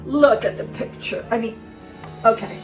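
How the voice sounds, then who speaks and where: A woman's voice: a little high, fairly even intonation, normal speed. A woman vlogger giving casual, sarcastic commentary, scolding and repeating words for emphasis. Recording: roomy sound, distant mic, faint music.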